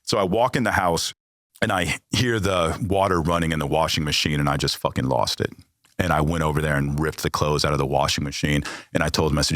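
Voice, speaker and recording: Deep-voiced American man telling it bluntly. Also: brisk, a bit bright, no echo, studio quality. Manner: blunt, heavy swearing. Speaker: podcast guest. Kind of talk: candid storytelling.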